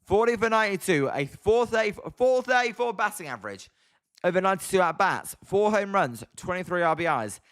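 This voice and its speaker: A man's voice: high-pitched, animated, a little fast, a bit bright, smooth. A British man hosting a casual live baseball watch-along, chatting with viewers between calls of the play. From Britain. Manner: chatty, answers viewer chat messages. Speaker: livestream host.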